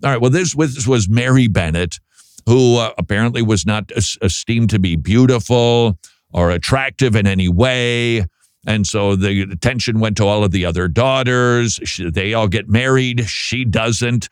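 Rambling Minnesotan radio host. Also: male voice, lowish voice, moderate pace, clear, resonant tone, no echo, clean studio sound. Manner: rambling, jokey, searches aloud for words. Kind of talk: casual radio talk.

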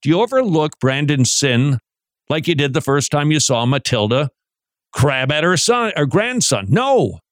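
A man teaching in a sermon style, animated and joking, with many rhetorical questions. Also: a little high, a little slow, no echo, clean studio sound.

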